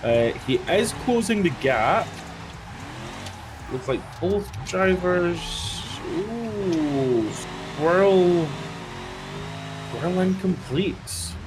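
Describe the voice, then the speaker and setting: A man commentating and judging a live online drift battle, giving measured verdicts with some hesitation. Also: high voice, very animated, noisy background.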